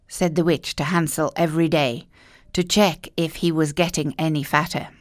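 A woman narrating a children's fairy tale in a slow, expressive storytelling manner. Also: sits low, no room sound, clean studio sound.

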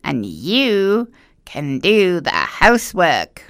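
A wicked old witch from a fairy-tale reading, drawling every word with slow, hungry menace, as a woman puts her on. The voice is lowish and dry, with no room around it. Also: huge pitch swings, dry recording, heavily acted. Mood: menacing. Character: evil old witch, cruel and greedy.

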